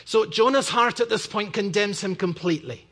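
Male preacher, bright high voice, earnest sermon, hushed drops and urgent climbs. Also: normal speed. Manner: earnest, swinging from quiet low drops to raised urgent peaks.

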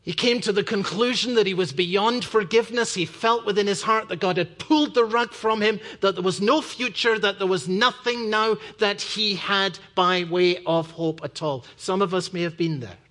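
Male preacher, bright high voice, earnest sermon, hushed drops and urgent climbs. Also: moderate pace. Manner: earnest, swinging from quiet low drops to raised urgent peaks.

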